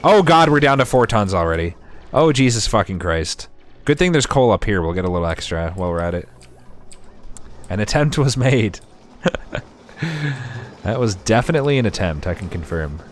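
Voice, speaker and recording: A man's voice: lowish voice, sing-song, moderate pace, long pauses, slight background noise. A man streamer giving casual gameplay commentary, chatty and sarcastic with himself, swearing often.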